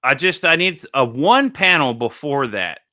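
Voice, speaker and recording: A man's voice: medium pitch, big pitch swings, a little slow, sharp tone, no room sound, studio quality. A man co-hosting a casual comic-review chat, laughing often and rambling with restarts. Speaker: podcast co-host reviewing comics.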